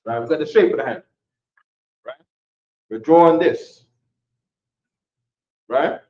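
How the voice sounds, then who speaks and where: Casting: male teacher, slightly high voice, repetitive, keeps asking "right?", lo-fi recording. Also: slow. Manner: drops to a mutter when fiddling with the camera. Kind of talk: classroom teaching. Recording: dull lo-fi sound.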